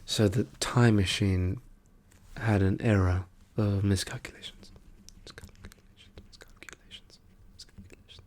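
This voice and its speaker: Taking on the role of a wry trickster god now working as a weary file clerk, a male ASMR performer whispers and murmurs in a lightly acted, steady tone. The voice is fairly low, slow and soft, drawn out with long pauses and musing, over a slight hiss or hum.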